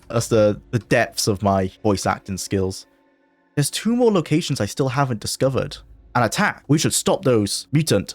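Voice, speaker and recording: Excitable man narrating a game. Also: medium pitch, moderate pace, no room sound. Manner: excitable, jumpy bursts of panic, frequent laughter. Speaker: gaming video creator. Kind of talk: let's play commentary.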